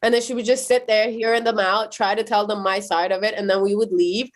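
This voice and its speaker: A woman from Iran, a podcast guest, telling personal stories in an animated way with many "like" fillers. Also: medium pitch, a little fast. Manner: animated, frequent "like" fillers, acts out quoted people. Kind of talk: personal storytelling in conversation.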